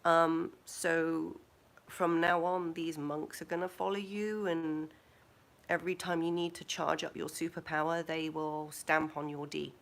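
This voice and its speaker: A wise divine figure hands out advice in a calm, matter-of-fact way, as a woman puts the figure on in her own low voice. The speech is slow and gravelly, with little change from how she normally talks. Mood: amused.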